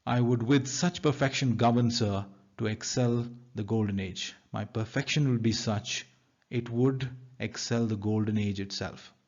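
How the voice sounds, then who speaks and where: A man's voice: mid-range voice, unhurried, a little mellow. A male teacher with an Indian English accent reading an idealistic old male courtier in an earnest reading voice. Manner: read aloud in an earnest reading voice. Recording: dull lo-fi recording.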